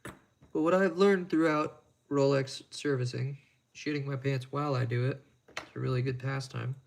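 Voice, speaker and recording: A man's voice: mid-range voice, fairly even intonation, normal speed, vocal fry, slight background noise. A man chatting casually on a live stream while he repairs watches at his bench, rambling and making crude, self-mocking jokes.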